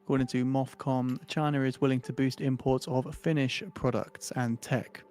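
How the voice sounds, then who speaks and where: Male financial news reader, clipped delivery, mid pitch. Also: flat delivery, normal speed, a little mellow, faint music behind. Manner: clipped, reads figures and headlines. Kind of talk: market news squawk.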